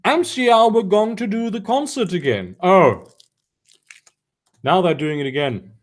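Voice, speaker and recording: A man reads a badly written story aloud in a high, bouncing voice and keeps stopping to mock it. His tone stays sarcastic and amused. His pitch swings a lot from line to line. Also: expressive, a little slow. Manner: sarcastic, mocking commentary between read lines. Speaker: reader of fan fiction. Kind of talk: comedic dramatic reading with asides.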